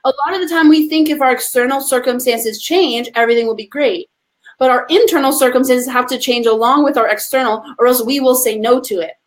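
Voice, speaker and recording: A woman's voice: sits high, fairly quick. A woman speaking as a podcast guest, a coach who talks with passion and emphasis and addresses listeners as friends. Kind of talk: conversational podcast interview.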